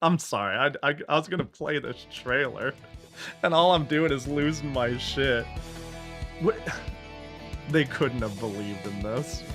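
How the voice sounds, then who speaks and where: A man streaming, reacting in casual commentary, excitable and ranting, laughing and exclaiming at what he sees. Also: mid-range voice, unhurried, long pauses, faint music behind.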